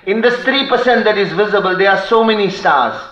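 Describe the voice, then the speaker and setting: A man preaching a sermon with passion, breaking into fast Arabic recitation of poetry, recorded in a mosque hall. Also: sits high, fairly bright tone, muffled recording. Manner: impassioned, quotes Arabic poetry in rapid recitation. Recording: echoey hall.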